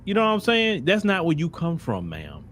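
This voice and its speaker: A man's voice: a little high, huge pitch swings, normal speed, a bit bright, slight background noise. A man hosting a web commentary show, blunt and mocking, speaking straight to the person he criticizes. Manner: blunt, mocking, addresses the subject directly. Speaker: host.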